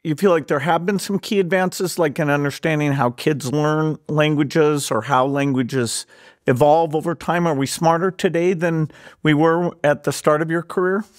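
A man's voice: on the high side, steady tone, moderate pace. A man hosting a podcast interview, talking casually and hesitantly with fillers. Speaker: podcast host. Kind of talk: conversational interview.

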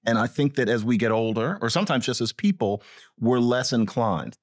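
A man speaking as a linguist guest in a podcast interview, explaining in an animated way with big pitch swings. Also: fairly quick, dry recording, studio quality.

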